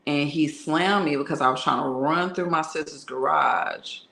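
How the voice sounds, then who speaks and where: A woman's voice: sits low, normal speed, vocal fry, a bit bright. A woman telling a candid personal story in a frank, slangy, conversational way that is broken up with laughter. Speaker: tarot reader and channel host. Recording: echoey room.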